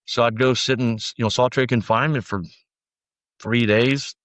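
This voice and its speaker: A man's voice: mid-range voice, steady tone, brisk, a bit bright, dry recording. A man as a podcast guest, telling his story bluntly in a rambling, casual way with lots of fillers. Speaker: podcast guest, former sheriff's deputy.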